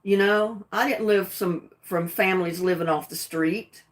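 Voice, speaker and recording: A middle-aged woman with a proud Southern US accent chats on her livestream. She is plainspoken and emphatic, pressing her points with defiance, and her voice sits at an ordinary middle pitch. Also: a little slow. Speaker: livestream host. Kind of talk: casual livestream talk.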